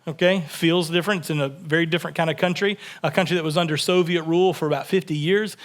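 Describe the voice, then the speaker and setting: A man from Texas preaching a sermon in a relaxed, conversational way, often repeating words as he builds his points. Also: a little high, fast talker. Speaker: pastor. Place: church sanctuary.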